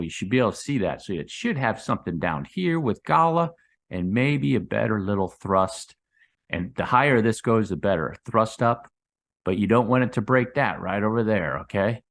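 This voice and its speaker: Low-voiced man rambling over crypto charts. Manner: rambling, addresses viewers as guys, drops low on tag words. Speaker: crypto market analyst. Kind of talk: casual chart commentary.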